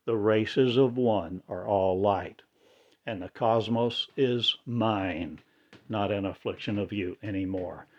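A man delivering a rambling spiritual monologue in halting, oddly inverted phrasing. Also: lowish voice, lo-fi sound.

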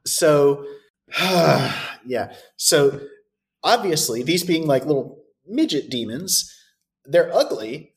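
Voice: medium pitch, big pitch swings, takes it slowly. A podcast co-host recapping a horror movie in casual, sarcastic chat and swearing freely.

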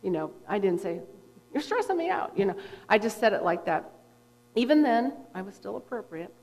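A middle-aged woman, a therapist appearing as a guest speaker, tells a personal story in a brisk, conversational, animated way, using lots of fillers. Her voice sits mid-range, and the hall gives the recording a long reverb.

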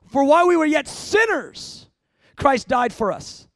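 Emphatic male preacher, very high voice, dry close sound, punchy questions to the room. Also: big pitch swings, fairly bright tone, no room sound. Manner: emphatic, shifting between slow stressed phrases and rapid asides; asks the congregation questions. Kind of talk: sermon.

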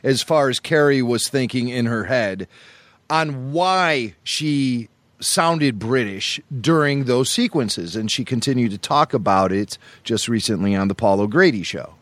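Animated man chatting on a podcast. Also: mid-range voice, measured pace, no room sound. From Chicago area, US. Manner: jokey, animated storyteller. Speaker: podcast co-host. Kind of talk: casual chat.

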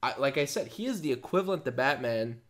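A young man talking casually on a podcast, mid-pitched and talkative. He jumps into asides and laughs easily as he chats about films. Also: expressive, fairly bright tone. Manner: chatty, laughs often, quick asides. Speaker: podcast co-host. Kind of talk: casual movie chat.

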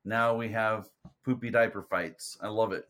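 A man's voice: fairly low pitch, steady tone, normal speed, a bit bright. A man hosts a casual podcast chat. He sounds friendly and enthusiastic as he thanks his guest. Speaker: podcast host.

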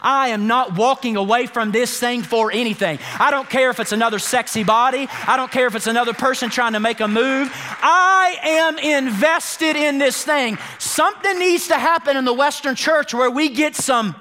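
A man in his thirties preaching a sermon as pastor, emphatic, swinging between loud urgent lines and hushed ones. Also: very high-pitched.

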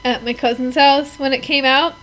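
A woman's voice: high voice, steady tone, moderate pace, a bit bright, rough recording. A young woman co-hosting a podcast, gushing and giggling as she chats. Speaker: podcast co-host. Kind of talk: casual chat.

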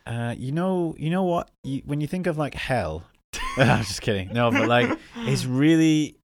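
A man's voice: mid-range voice, very animated, normal speed, no echo, clean studio sound. A young man, co-hosting a podcast in casual chat, jokey and self-deprecating, laughing often. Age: young adult. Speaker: podcast co-host and editor.

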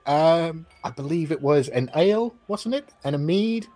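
A man's voice: a little high, animated, moderate pace, dark tone, pitched above the performer's own voice, close to an everyday voice. A man plays a friendly female innkeeper in a raised, light voice. She is polite and a touch hesitant. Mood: welcoming.

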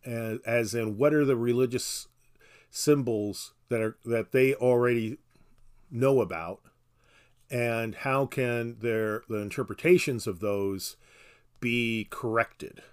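A man teaching scripture in an easygoing conversation. He explains patiently and often restarts his sentences. A dry humor runs under his mid-pitched voice. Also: slow, clean tone. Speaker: Bible teacher. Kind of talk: casual Bible study podcast.

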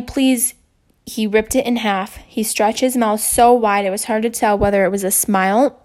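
A woman calmly reading a children's novel aloud. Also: on the high side. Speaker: audiobook reader.

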